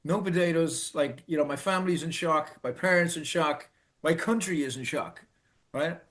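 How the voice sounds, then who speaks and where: A middle-aged Irish man telling a personal story in an earnest, halting way, restarting and repeating phrases for emphasis. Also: on the high side, a bit bright. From Ireland. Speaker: speaker telling his own story.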